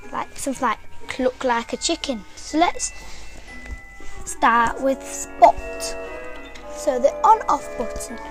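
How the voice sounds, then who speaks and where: A woman's voice: sits high, rough recording. A woman with a British accent demonstrating toys in a casual, rambling way and often correcting herself. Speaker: toy reviewer.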